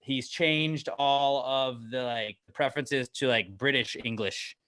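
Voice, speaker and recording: A man opens and steers a casual podcast chat, loud and joking. His pitch sits in the middle of the male range, and he keeps tossing in quick asides. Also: clean tone. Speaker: podcast host.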